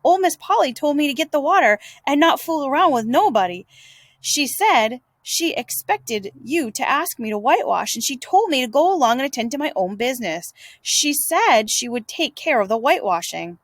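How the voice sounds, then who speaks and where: A woman's voice: high-pitched, very animated, normal speed, dry recording, voice pushed up. A woman voicing a timid, fearful boy in a read-aloud storybook, speaking hesitantly with stammers.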